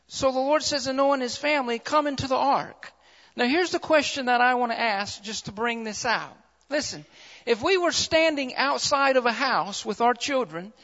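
A man's voice: very high-pitched, fairly bright tone. A man preaching a sermon, repeating phrases and asking the congregation rhetorical questions. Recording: dull sound with long hall reverb.

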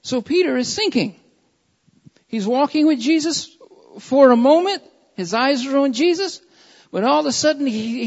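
Woman preacher, high voice, fervent and repetitive, dull recording from a church hall. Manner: impassioned, repeats lines for emphasis. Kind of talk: sermon.

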